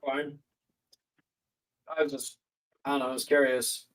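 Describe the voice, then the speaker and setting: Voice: medium pitch, level tone, a little slow, far from the mic, rough recording. A tabletop role-play player talking in character in a teasing, nosy, casual way.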